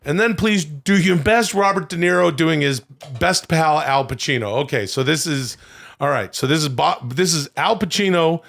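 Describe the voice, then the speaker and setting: A man's voice: a little high, moderate pace, vocal fry, a bit bright. A man co-hosting a comedy podcast who runs playful improvised bits and stumbles over names as he riffs. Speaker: podcast co-host.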